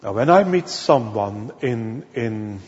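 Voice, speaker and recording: A male minister from the Netherlands, preaching a sermon in slow, deliberate storytelling that leans on key words. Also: mid-range voice, animated, a little mellow. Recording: dull audio with long hall reverb.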